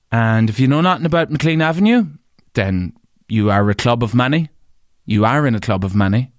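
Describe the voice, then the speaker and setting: Man, Irish accent, podcast host, casual storytelling, swears a lot, lively jumps in pitch, medium pitch, dry close sound. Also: dry recording. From Ireland. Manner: animated, swears freely, leaps up in pitch for emphasis. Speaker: podcast host and radio presenter.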